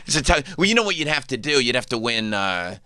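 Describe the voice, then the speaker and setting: A man's voice: very animated, fast talker, pushed and bright, dry recording, clean studio sound. A man hosting a radio talk show, chatting casually about sports in a rambling, jokey way. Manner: rambling, jokey, breaks into high-pitched mocking impressions.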